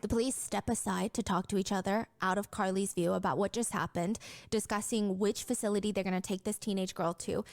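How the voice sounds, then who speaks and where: Female true-crime narrator, calm and measured, dry close recording. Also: medium pitch, dry recording.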